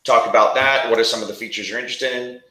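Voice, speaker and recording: A man's voice: mid-range voice, fairly even intonation, quick pace, pushed and bright, roomy sound, rough recording. A man hosting a casual promo chat, talking freely with frequent restarts. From New York area. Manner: chatty, restarts often. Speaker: host.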